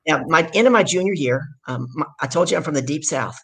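A middle-aged woman from the Southern United States, a business coach telling her story in an interview with an emphatic, animated delivery. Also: deep voice, fast, creaky.

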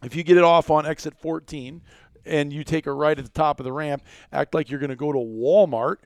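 A man's voice: fairly high pitch, fairly even intonation, a little fast, clear, resonant tone, dry recording. A man hosting a casual podcast from a small media room at his business, rambling and joking with plenty of fillers. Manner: rambling, filler-heavy, jokey. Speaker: podcast host.

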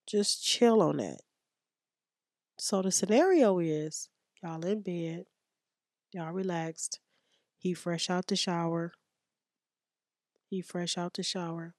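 A woman talks straight into a close, dry mic on her own podcast. Her voice sits low. She is blunt and profane and keeps repeating her points for emphasis. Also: warm tone, dry recording. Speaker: podcast host and hairstylist. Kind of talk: frank casual advice talk.

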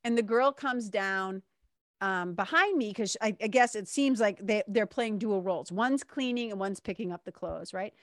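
A woman's voice: mid-range voice, normal speed, dry recording, clean studio sound. A woman telling a story in a casual, candid way, swearing now and then and acting out what other people said. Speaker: vlogger.

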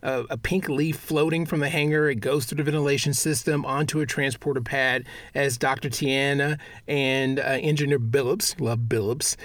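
A man co-hosting a podcast in casual chat, chatty and quick to laugh and agree. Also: medium pitch, fairly even intonation, a bit bright, no echo. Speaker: podcast co-host.

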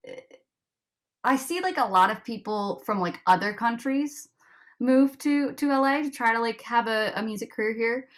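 A woman's voice: on the high side, normal speed. A woman from Rhode Island with a neutral American accent, chatting as a guest on a video call, giggly and full of fillers. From Rhode Island, USA. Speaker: guest musician. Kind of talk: casual interview chat.

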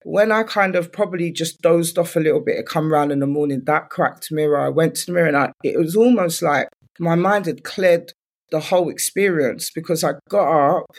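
A woman's voice: low voice, fairly quick, darkish tone. A woman, a guest in an interview, candidly retelling her own story in loose speech full of "like" fillers.

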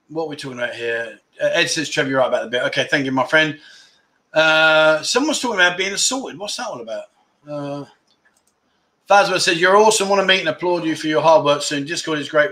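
His voice sits a little high and sounds bright and forceful. The fifty-something man hosts a laid-back livestream, reading viewer comments and chatting between meandering anecdotes.

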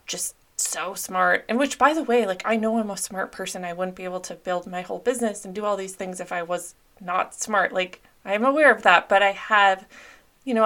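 A woman's voice: on the low side, creaky, a bit bright. Open, chatty woman hosting a podcast. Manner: open, reflective, frequent "like" fillers. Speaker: podcast host. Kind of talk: casual solo podcast talk.

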